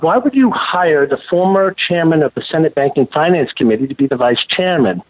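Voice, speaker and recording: A man being interviewed as a guest, telling his story in a measured, emphatic way. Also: fairly high pitch, animated. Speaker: guest, former banker and whistleblower. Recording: tinny phone line.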